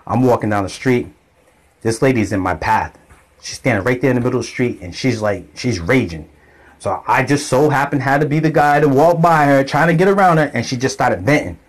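Rambling man telling a story. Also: medium pitch. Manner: rambling, repetitive, conversational. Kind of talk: casual storytelling monologue.

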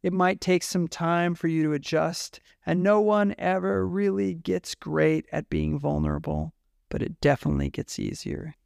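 A man voicing a warm, kindly Australian man who speaks in a tender, reassuring way. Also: a little high, lively intonation, moderate pace, vocal fry, dry recording, clean studio sound.

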